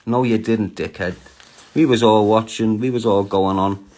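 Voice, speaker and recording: A man's voice: on the low side, fairly even intonation, normal speed, darkish tone. A middle-aged man with a Scouse accent from Liverpool, ranting crudely and mockingly on a live stream. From Liverpool, England.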